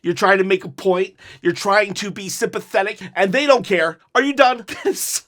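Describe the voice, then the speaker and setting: A man hosting a casual reaction commentary, animated, laughing often and mimicking the lines he quotes. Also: sits high, normal speed. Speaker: channel host reacting to clips.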